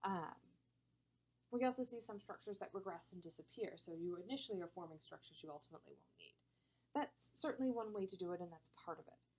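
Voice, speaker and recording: Breathy lady lecturer walking through course material, lots of um and okay. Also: on the low side, lively intonation, fast talker, a little mellow, low-quality recording. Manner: explanatory, frequent ums and okays. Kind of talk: recorded university lecture.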